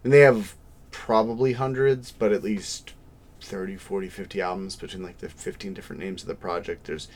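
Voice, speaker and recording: Young guy, low pitch, rambling podcast co-host, self-deprecating. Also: steady tone, fairly quick, a little mellow. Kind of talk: casual chat.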